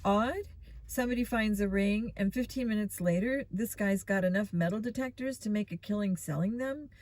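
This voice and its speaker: A woman narrates a children's mystery book in a steady, expressive way at a middle pitch. The sound is close and dry, with no room echo. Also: brisk. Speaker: storybook reader. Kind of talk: reading a children's mystery aloud.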